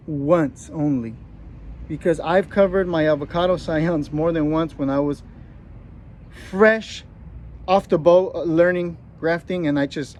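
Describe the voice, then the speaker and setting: A man's voice: fairly high pitch, darkish tone, a little hiss or hum. A man in his thirties, joking casually with a put-on Australian accent while giving a hands-on gardening how-to outdoors. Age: 30s. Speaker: gardening vlogger.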